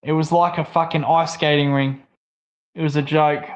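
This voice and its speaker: High-voiced swearing Australian bloke. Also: male voice, flat delivery, normal speed, muffled recording. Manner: swears a lot, rants. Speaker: livestream co-host. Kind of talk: casual stream chat.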